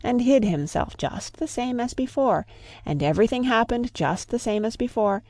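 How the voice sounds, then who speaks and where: A woman reading a classic story aloud in measured, rhythmic storybook narration. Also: a little high, expressive, a little mellow, no room sound.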